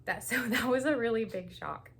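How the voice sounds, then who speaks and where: A woman's voice: on the high side, expressive, normal speed, creaky, a bit bright, breathy edge. A woman hosting a knitting channel, telling stories in a chatty, casual way with frequent laughs and lots of "like"s. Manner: chatty, laughs often, many "like"s. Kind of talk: casual knit-and-chat storytelling.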